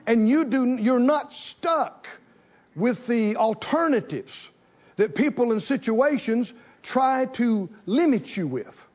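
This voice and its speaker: Animated preacher man, lively high voice. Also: slow, muffled recording. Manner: animated, repeating phrases for emphasis. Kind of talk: sermon. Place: church in front of a congregation.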